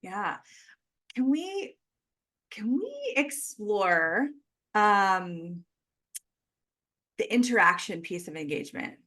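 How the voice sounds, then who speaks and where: A woman's voice: mid-range voice, sing-song, slow pace, long pauses, sharp tone. A woman hosting a podcast conversation, laughing often and giving short encouraging replies. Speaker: podcast host.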